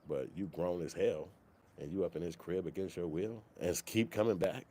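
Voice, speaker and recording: Deep-voiced man ranting casually. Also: brisk. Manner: profane, animated, slips into mock quoted voices. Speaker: commentary channel host. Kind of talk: casual opinion rant.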